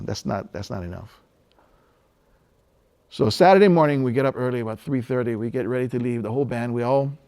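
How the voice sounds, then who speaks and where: A man from Hawaii with a mid-range voice shares a personal story in a relaxed, conversational manner, pausing often and chuckling here and there.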